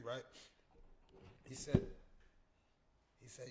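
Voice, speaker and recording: Gravelly man ranting on a podcast. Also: fairly high pitch, normal speed, background noise. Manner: animated, stammering restarts, trash talk. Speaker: podcast host. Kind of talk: casual solo podcast rant. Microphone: streaming mic.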